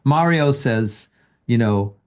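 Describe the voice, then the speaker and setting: A man's voice: mid-range voice, expressive, slow. A man coaching a guest through anxiety, drawing him out with probing, leading questions. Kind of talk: live coaching session.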